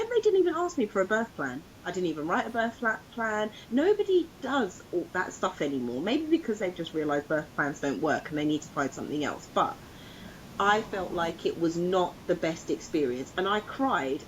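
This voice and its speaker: A woman's voice: fairly low pitch, very animated, moderate pace, slight background noise, poor audio. A woman co-hosting a podcast, telling a personal story in a casual chat and acting out the voices of others. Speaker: podcast co-host.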